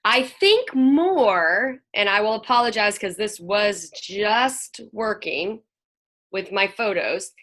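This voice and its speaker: A middle-aged woman who works as a counselor and play therapist speaks to a moms' group over a video call, chatty and folksy, occasionally acting out children's voices. Her medium-pitched voice is expressive, slow, and fairly bright.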